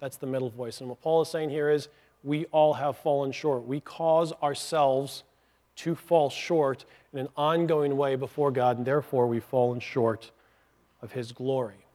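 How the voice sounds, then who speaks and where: A man preaching a sermon in an earnest, teaching manner. His voice sits at an everyday middle pitch. He explains things step by step, often breaking off for small asides. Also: fairly even intonation, normal speed, a little mellow. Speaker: pastor.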